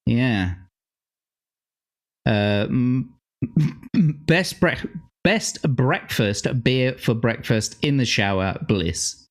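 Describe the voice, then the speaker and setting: A man's voice: mid-range voice, expressive, extremely slow, pauses often. A man co-hosting a casual livestream chat, laughing often and swearing freely. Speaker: co-host.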